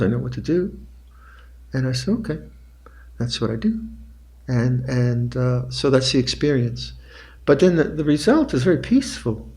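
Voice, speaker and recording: Calm older man teaching meditation. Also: mid-range voice. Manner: calm, unhurried, repeats phrases softly. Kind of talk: dharma talk. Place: meditation retreat hall.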